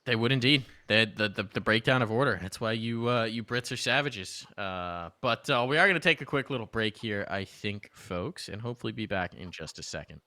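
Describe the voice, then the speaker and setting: A young man calling an esports match as play-by-play caster, energetic and jumping to sudden high exclamations, then chatting casually between rounds. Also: a little fast, hardly any pauses, dry recording. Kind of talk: excited play-by-play commentary.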